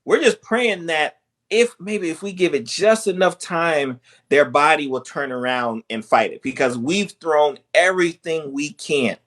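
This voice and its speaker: A physician hosting an interview, speaking empathetically with frequent halting restarts. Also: male voice, fairly high pitch, animated, fairly bright tone. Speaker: physician host. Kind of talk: conversational interview.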